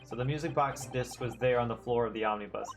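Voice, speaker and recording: A man voicing an earnest young male defense lawyer, reading his lines in a steady, probing way. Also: medium pitch, fast talker, music in the background, close to an everyday voice. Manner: steady questioning. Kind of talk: game dialogue read aloud on a stream.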